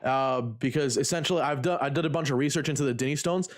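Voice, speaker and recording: A man's voice: medium pitch, fast talker. Rambling, profane streamer guy. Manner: rambling, profane, lots of fillers. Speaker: livestreamer and lifter. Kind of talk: casual livestream chat.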